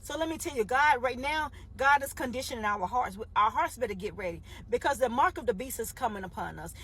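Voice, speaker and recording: A woman minister retells a Bible story as a sermon in a high, husky voice. She is emphatic and repeats herself for weight, and she keeps calling her listeners "baby.". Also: animated, fairly quick, fairly bright tone.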